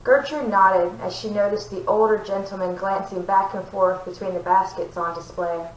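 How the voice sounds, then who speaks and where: Woman reading a novel aloud for her channel, expressive, mid-pitched, echoey room, mic set back. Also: normal speed, far from the mic, slight background noise. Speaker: book reader.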